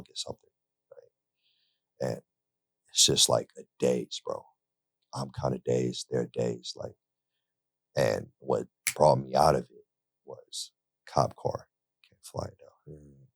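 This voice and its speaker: A man's voice: rumbling low, gravelly, breathy edge, no room sound, studio quality. A young man telling his own story in a loose, conversational way, with lots of "like" and "right?". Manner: laid-back and conversational, full of "like" and "right?". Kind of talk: casual storytelling. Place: interview studio.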